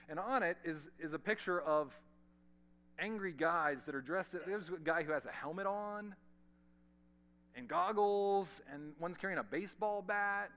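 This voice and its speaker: Bright-voiced preacher man, loud then hushed. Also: fairly high pitch, normal speed. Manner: dynamic preaching, swinging from loud emphasis to hushed near-whispers; conversational asides to the congregation. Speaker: pastor. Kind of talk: sermon. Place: large church hall.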